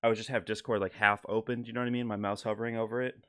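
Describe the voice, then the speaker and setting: A man's voice: lowish voice, level tone, rapid-fire, fairly bright tone. A man hosting a live stream, chatting loosely and profanely with lots of fillers. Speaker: stream host. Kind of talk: casual profane chat.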